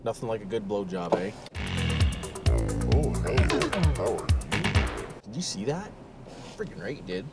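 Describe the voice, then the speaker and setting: A man's voice: on the low side, big pitch swings, fairly quick, over loud music. An older man with an Ontario Canadian accent, chatting while he drives and joking crudely with catchphrases he repeats. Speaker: vlogger. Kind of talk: casual vlog chat while driving. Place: inside a car while driving. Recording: distant mic with loud car noise.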